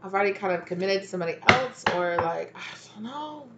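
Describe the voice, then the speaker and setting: A woman's voice: medium pitch, expressive, fast talker, highs cut off. A woman giving a casual spoken tarot reading, chatty and laughing, swearing freely as she talks to her viewers. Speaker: tarot reader. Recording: roomy echo, faint noise.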